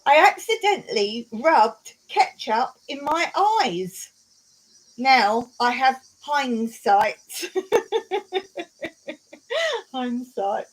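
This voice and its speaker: Woman live-streaming, high-ish voice, unhurried, giggles through jokes and comments. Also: big pitch swings, rough recording. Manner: giggly, tells jokes and reads viewer comments aloud. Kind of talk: casual live stream chat.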